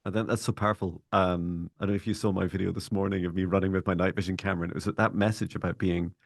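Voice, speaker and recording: A man hosting a podcast in a calm, monotone voice, chatting reflectively and then leading a slow guided meditation. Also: sits low, creaky, no room sound, clean studio sound. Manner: calm, reflective, speaks in slow measured phrases when guiding breathing. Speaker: podcast host.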